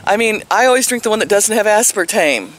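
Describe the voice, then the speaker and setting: An older woman talks into her phone camera in a loose, storytelling vlog, laughing often between tales. Her pitch swings widely as she chats, and a faint hiss sits under the recording. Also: lively intonation, brisk. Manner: chatty, laughs often, tells stories. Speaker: vlogger. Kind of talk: casual vlog chat. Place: outdoors at home.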